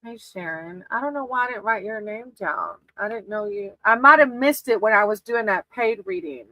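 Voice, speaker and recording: On a livestream, a woman gives casual tarot readings to viewers, affectionate and laughing often, calling people sweetie. Her mid-range voice is animated, pushed and bright, at a moderate pace. Audio quality is poor, though without echo.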